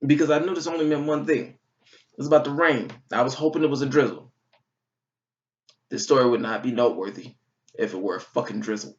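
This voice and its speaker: A young man from Georgia in his twenties, telling a funny story in a vlog, animated and full of swearing. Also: mid-range voice, fast talker. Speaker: vlogger. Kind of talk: comic storytelling. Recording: dull, slightly distant recording.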